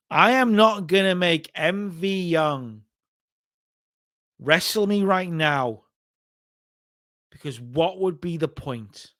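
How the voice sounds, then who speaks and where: A defeated wrestler, voiced by a man, speaks slowly and mournfully. He sounds self-pitying and worn down. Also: high voice, a bit bright, no room sound, studio quality, exaggerated voice. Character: dejected male wrestler quitting a tournament.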